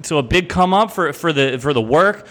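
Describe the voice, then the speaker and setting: A man's voice: fairly high pitch, animated, moderate pace, fairly bright tone. A young man co-hosting a podcast, talking casually in a rambling, profane way with many restarts. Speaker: podcast co-host. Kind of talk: casual chat.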